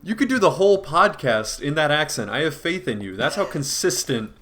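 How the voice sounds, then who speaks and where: A man's voice: fairly high pitch, big pitch swings, fairly quick, a bit bright, slight background noise. A man co-hosting a podcast in casual chat, laughing often and teasing his friends, with some swearing. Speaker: podcast co-host.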